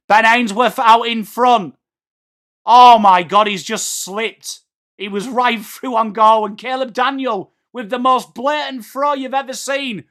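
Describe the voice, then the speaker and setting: English male streamer, high and sharp-toned, excitable blunt footy reaction with chat banter. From England. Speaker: watchalong streamer. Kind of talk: live football reaction commentary.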